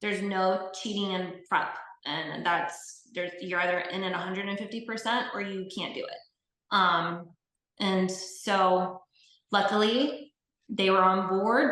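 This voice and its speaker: A woman's voice: medium pitch, creaky, fairly bright tone. A woman speaking as an interview guest and bodybuilding competitor. She tells her story in a casual, earnest and heartfelt way, with many fillers. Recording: echoey room.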